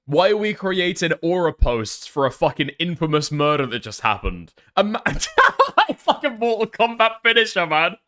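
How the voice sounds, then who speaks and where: A man's voice: on the high side, very animated, moderate pace, few pauses, pushed and bright. A man reacting to video clips in a sarcastic, mocking way, laughing often and swearing heavily. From United Kingdom. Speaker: commentary streamer. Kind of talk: casual reaction commentary.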